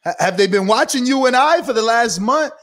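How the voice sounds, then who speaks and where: A man talks as a guest in a casual interview, his voice pitched well above most men's. He speaks in a measured, insistent way and leans on rhetorical questions to make his point. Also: lively intonation, a bit bright.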